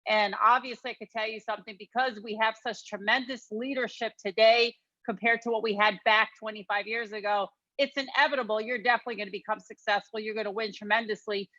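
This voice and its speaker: Bright-voiced woman on a dry video call. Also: a little high, steady tone, fast, few pauses, no room sound, muffled recording. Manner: earnest, thankful, with fillers. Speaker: business leader speaking to team. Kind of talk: motivational remarks.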